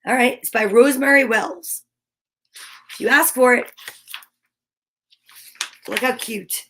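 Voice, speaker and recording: A woman's voice: on the high side, slow pace, sharp tone, a little hiss or hum. A woman hosting storytime, reading a picture book aloud with playful, chatty asides. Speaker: storytime host.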